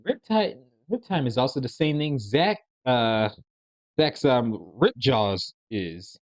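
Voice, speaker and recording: A man's voice: mid-range voice, sing-song, slow, no room sound. A man casually commenting on videos, rambling and hesitant with many restarts. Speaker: reaction video host. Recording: dry, dull lo-fi sound.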